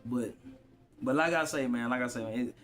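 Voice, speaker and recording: A man's voice: medium pitch, a little fast, fairly bright tone, soft background music. A man vlogging straight to his phone in loose, rambling slang, often repeating himself. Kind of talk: casual rambling monologue to camera.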